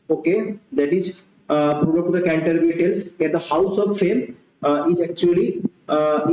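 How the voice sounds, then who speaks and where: A man's voice: a little high, dark tone. A man tutoring for an exam, repeating himself and thinking aloud with fillers. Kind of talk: mock test lecture. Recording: dull, roomy home recording.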